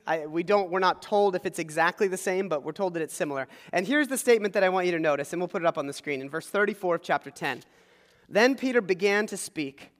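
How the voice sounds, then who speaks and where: High-voiced pastor preaching in a reverberant hall. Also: male voice. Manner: animated storytelling, acting out voices in paraphrase. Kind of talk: sermon.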